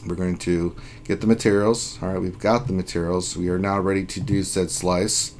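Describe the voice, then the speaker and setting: A man's voice: low-pitched, little pitch movement, moderate pace, darkish tone, a little hiss or hum. A man hosting a casual gaming livestream, reading viewers' names aloud in an upbeat, jokey way. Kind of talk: casual live-stream chat.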